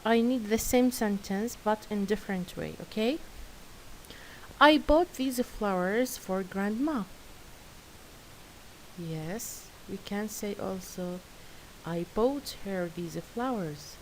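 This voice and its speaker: Female teacher, unhurried, encouraging, light hiss on the track. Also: medium pitch, lively intonation, a little mellow, poor audio. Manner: patient, praising, careful and slow. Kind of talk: classroom lesson, reading workbook answers. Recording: faint hiss.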